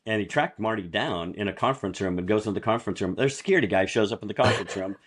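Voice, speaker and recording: A man's voice: on the low side, very fast, slightly rough. A man in casual podcast chat, telling rambling business anecdotes and chuckling as he goes. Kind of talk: casual storytelling.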